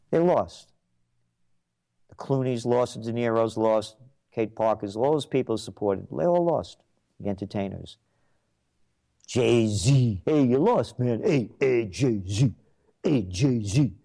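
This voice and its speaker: A man's voice: medium pitch, a little mellow. An older man hosting a trends commentary show, delivering an opinionated monologue with emphatic, repetitive declarations.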